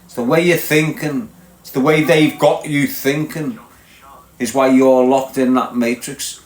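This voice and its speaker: A man with a Liverpool accent hosts a livestream, bluntly lecturing his viewers in a casual rant and repeatedly asking if they understand. His voice is medium-pitched with fairly even intonation and a measured pace, and the room echoes.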